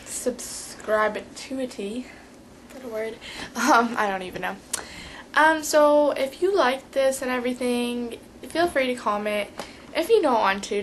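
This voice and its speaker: Chatty teenage girl vlogger, higher voice. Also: slight background noise, low-quality recording. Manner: rambling, chatty, heavy on fillers. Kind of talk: casual tutorial vlog.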